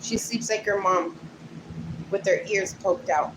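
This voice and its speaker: A middle-aged woman hosts a relaxed livestream from her home, chatting loosely with viewers and reading their comments aloud. She talks at an unhurried pace, and a steady hiss of background noise sits under her phone-mic voice. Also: medium pitch. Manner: speaks fondly to her sleeping dogs. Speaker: livestream host. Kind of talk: casual livestream chat.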